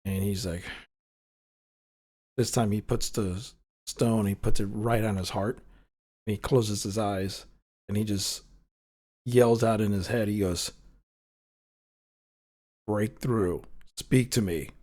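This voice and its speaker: A man playing in an online tabletop game and co-hosting the stream, laid-back and quick to laugh. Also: fairly low pitch, fairly even intonation, darkish tone. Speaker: player and stream co-host. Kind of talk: casual game table chat.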